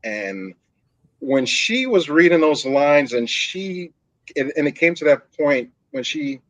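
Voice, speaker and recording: A man recalling casting, speaking haltingly with many fillers in a casual chat. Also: a little high, sing-song, a bit bright, dry recording. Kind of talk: casual chat on a live stream. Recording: dull dry recording.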